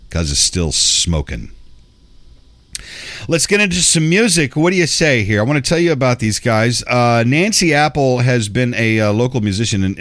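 A man's voice: mid-range voice, a bit bright, dry recording. A man hosting a radio show, chatting loosely and reading ads in a rambling, chummy way with slang asides. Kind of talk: casual radio chat and ad reads.

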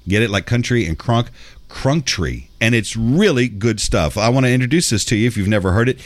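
A man's voice: medium pitch, animated, a little fast, dry recording. Laid-back male radio host, dry sound. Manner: loose, rambling, chummy, with slang asides. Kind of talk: casual radio chat and ad reads.

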